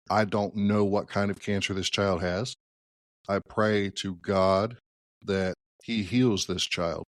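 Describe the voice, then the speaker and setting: A man's voice: sits low, no echo, studio quality. A man hosting a solo political podcast, talking conversationally and thinking aloud with hedges and restarts. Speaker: podcast host.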